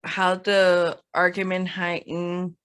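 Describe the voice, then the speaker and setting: A woman's voice: fairly low pitch, level tone, takes it slowly, a bit bright, smooth. A woman, a podcast guest, telling a personal story in casual conversation.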